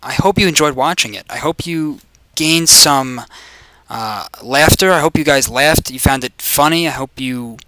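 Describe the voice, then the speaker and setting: A man in his twenties giving crude, profane commentary over his gameplay, yelling greetings at other players. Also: medium pitch, moderate pace. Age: 20s.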